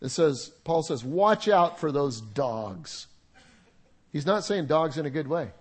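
An older man preaches in a high, light voice. His delivery is conversational and humorous, with asides to the congregation between scripture readings. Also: animated, slow pace, husky. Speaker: pastor. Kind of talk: sermon. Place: church sanctuary with congregation.

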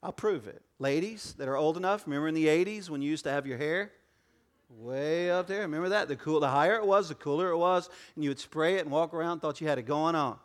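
High-voiced joking male preacher. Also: fast. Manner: joking and conversational, with audience asides. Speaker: pastor. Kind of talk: sermon. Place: church auditorium before a congregation.

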